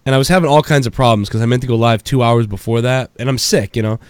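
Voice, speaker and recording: A man's voice: mid-range voice, fast, clear, resonant tone, no echo. A man hosting a podcast from his home basement, telling long rambling stories full of swearing and laughter. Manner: rambling, profane, laughs a lot. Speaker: podcast host. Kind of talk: casual chat.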